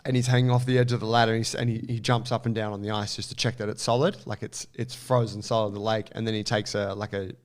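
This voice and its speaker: A man co-hosting a podcast, telling a story in an animated, casual way with lots of fillers and some swearing. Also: lowish voice, fast talker, few pauses. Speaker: podcast co-host.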